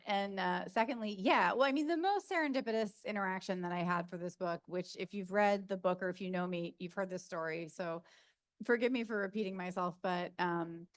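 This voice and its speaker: A middle-aged woman with a South Jersey accent, telling stories casually while answering audience questions at a reading, with lots of fillers and laughs. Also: medium pitch. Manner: chatty storyteller, laughs often, many fillers. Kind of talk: casual Q&A talk. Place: university event room. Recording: Zoom capture of a room talk.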